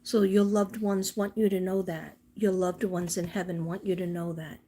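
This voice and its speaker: A woman's voice: on the low side, flat delivery, moderate pace, mellow, a little hiss or hum. Chatty woman doing a card reading. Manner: chatty and homespun, rambling with asides. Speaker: psychic card reader. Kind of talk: casual spoken card reading. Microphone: phone camera.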